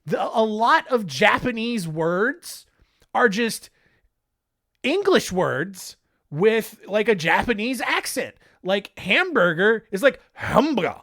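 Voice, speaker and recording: A man's voice: high-pitched, sing-song, takes it slowly, sharp tone, no echo. A man hosting a comedic storytelling podcast, rambling with joking, defensive asides and frequent laughter, on a close mic. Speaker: podcast host.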